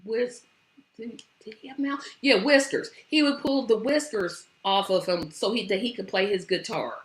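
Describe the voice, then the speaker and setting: A woman's voice: medium pitch, normal speed, echoey room, slight background noise. A woman hosting her own show, chatting casually and rambling with many fillers, saying she is tired. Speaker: show host. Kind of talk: casual livestream chat.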